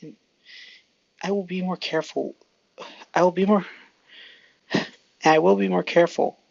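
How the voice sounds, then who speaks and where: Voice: medium pitch, fairly even intonation, moderate pace, gravelly, a little mellow, no room sound, dull audio, voice pushed up. A fan storyteller voicing an earnest, shy teenage boy hero who stammers at times, in a fan audio story.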